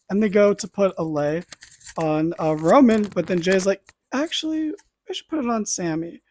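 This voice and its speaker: A man with a somewhat higher voice retells events in an animated play-by-play, full of casual asides and the occasional swear. The sound is dry and close, with no room around him. He talks like a podcast host chatting with friends. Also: no echo. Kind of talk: casual wrestling recap.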